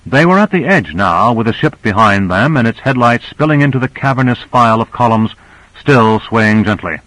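Steady male audiobook narrator, dry sound. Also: medium pitch, no echo, low-quality recording. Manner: steady, measured storytelling.

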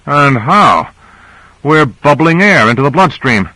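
A man's voice: on the high side, sing-song, a little slow, pushed and bright, no echo, pitched above the performer's own voice, exaggerated voice, rough recording. A man reading a novel aloud, voicing an alarmed male submarine pilot who calls out urgently. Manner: urgent calling out.

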